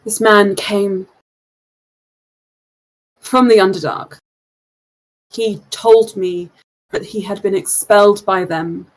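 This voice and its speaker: A woman's voice: mid-range voice, steady tone, natural voice, poor audio. A woman voicing a nervous cloaked man. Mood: confessing. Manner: earnest, pleading, halting. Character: secretive nervous cloaked man, haunted by a lost love.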